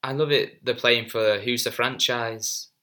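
Man, bright sharp voice, casual animated podcast chat, swearing. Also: mid-range voice, a little slow. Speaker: podcast co-host.

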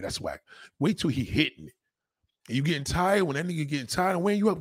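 A man with a husky, slightly rough voice, ranting bluntly and crudely in a casual way. His pitch swings widely as he drives his points home, and he often says the same thing twice. The sound is dry and close, with no room around it. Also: sing-song, quick pace, dry recording. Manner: blunt, crude, repeats himself for emphasis. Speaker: monologue speaker. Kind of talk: casual profane rant.

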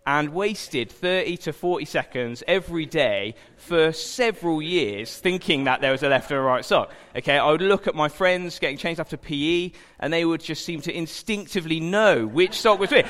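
A man's voice: fairly high pitch, moderate pace, few pauses, fairly bright tone. A young man giving an informal sermon, chatty and self-deprecating, with jokey asides. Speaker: preacher. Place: church hall. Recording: long hall reverb.

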